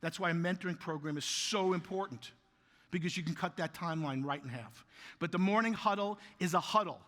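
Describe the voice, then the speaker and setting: Man, live keynote, lively storyteller, bright tense tone, reverberant conference hall. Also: a little high, brisk. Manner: animated, jokey, talks to the audience. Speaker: keynote speaker.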